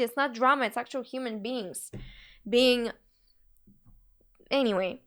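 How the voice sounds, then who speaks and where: Young streamer girl from bulgaria, high voice, earnest and kinda halting, chatting to her viewers. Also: expressive, fairly bright tone. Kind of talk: casual live-stream chat.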